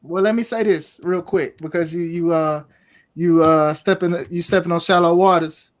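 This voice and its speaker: A man's voice: fairly high pitch, steady tone, moderate pace. A man in his thirties hosting a wrestling panel, teasing and needling a guest, often tripping over his words. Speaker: wrestling show host. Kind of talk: heated panel banter.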